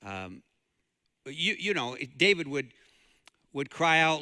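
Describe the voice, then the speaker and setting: Pastor guy preaching, real bright sharp voice, long church echo. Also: on the high side, very animated, slow pace, pauses often. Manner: storytelling, rising to fervent emphasis. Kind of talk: sermon. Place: church sanctuary.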